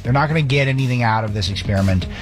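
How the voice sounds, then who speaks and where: A man hosting a talk radio show, giving opinionated commentary in a sarcastic, brisk way with frequent restarts. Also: medium pitch, music in the background.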